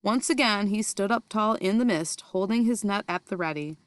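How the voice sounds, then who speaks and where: A woman reading a children's storybook aloud in a steady, expressive manner. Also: medium pitch, moderate pace, no room sound. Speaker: reader.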